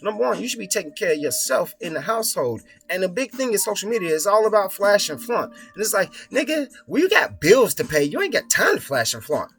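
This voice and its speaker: A man's voice: high voice, sing-song, a little fast, vocal fry, hardly any pauses. A young man giving a blunt, profane, rambling motivational talk as the host of his own videos. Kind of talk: casual motivational monologue. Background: soft music playing.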